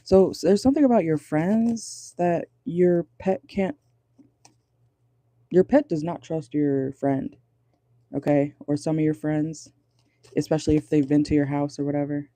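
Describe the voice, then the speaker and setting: A chatty man runs a casual tarot reading, talking in a dark, mellow voice that sits a little high for a man. He sounds amused throughout, and his voice is close and dry, recorded in a car. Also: unhurried, no room sound. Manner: chatty and amused, laughs often. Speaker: tarot reader. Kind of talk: casual pick-a-card reading.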